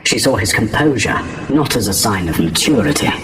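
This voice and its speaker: A man narrating a scripted story in a steady, even delivery. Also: on the low side, brisk, reverberant.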